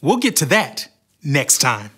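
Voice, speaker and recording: Brief: male storyteller for a kids' church show, slightly high voice, lively pitch. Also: a little slow, breathy edge. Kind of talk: scripted Bible story narration for kids.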